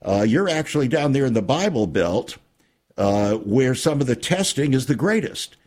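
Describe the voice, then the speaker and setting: Radio host guy preaching with big swoops in his voice, kinda husky. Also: mid-range voice, sing-song, darkish tone. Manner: preachy and emphatic, with dramatic pauses. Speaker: radio talk show host. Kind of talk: Christian radio talk show. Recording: radio studio.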